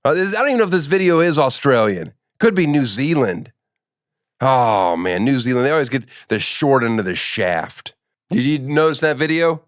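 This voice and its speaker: A man hosting a comedic interview with a deadpan, teasing manner. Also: medium pitch, normal speed. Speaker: talk show host.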